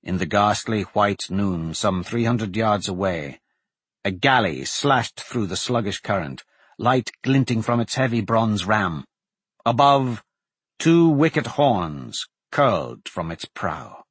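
A man narrating a fantasy audiobook in a measured, steady reading. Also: fairly low pitch, slightly rough, no echo.

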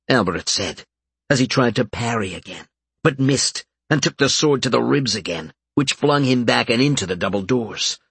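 A man narrating an audiobook in a steady, matter-of-fact way, with a husky voice. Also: mid-range voice, moderate pace, dry recording. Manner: steady, matter-of-fact reading of game stats. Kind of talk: scripted narration.

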